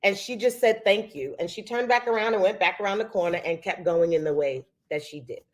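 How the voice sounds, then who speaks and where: A woman from the Bronx, a co-host, telling a personal story in a lively way and raising her voice when she quotes people. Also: mid-range voice, brisk. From the Bronx, New York. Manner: animated storyteller, quotes others in a raised voice. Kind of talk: casual chat, telling a story.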